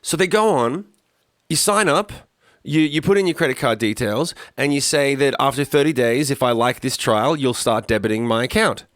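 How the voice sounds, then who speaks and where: A man's voice: mid-range voice, normal speed, a bit bright, no room sound. An Australian man co-hosting a podcast, telling stories in a casual, profane, ranting way. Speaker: podcast co-host.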